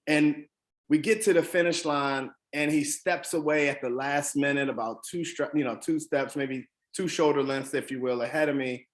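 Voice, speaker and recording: A man from the Washington DC area telling a personal motivational story, earnest and emphatic, with frequent ums and restarts. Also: fairly high pitch. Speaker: motivational speaker.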